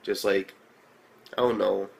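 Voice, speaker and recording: A young man casually recapping and reviewing an anime episode, rambling and profane with many fillers, and excitable. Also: unhurried, vocal fry. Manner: excitable, jumps into high reactions.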